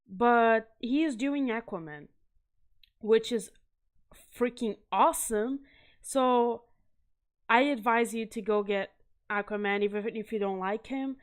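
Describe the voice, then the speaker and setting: A woman hosting a casual video review of comic art, chatty and enthusiastic, often stopping to correct herself and laugh nervously. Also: a little high. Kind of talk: casual chat.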